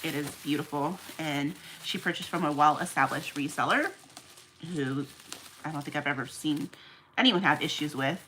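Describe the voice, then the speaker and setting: Bright, chatty woman streaming while packing. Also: sits low, normal speed, slight background noise, rough recording. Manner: chatty and rambling, goes off on tangents, talks to viewers by name. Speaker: online reseller livestream host. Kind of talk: casual livestream chat while packing orders.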